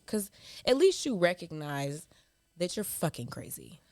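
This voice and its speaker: On the high side and sing-song, this podcast co-host's voice moves at a moderate pace in a dry recording. She reads hate mail from viewers out loud during casual chat, laughing and firing back with sassy, mocking retorts.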